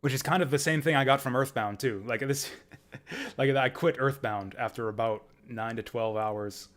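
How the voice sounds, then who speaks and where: A man's voice: mid-range voice, normal speed, a bit bright. A man chatting casually and rambling as he streams a video game. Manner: chatty, rambling, laughs often.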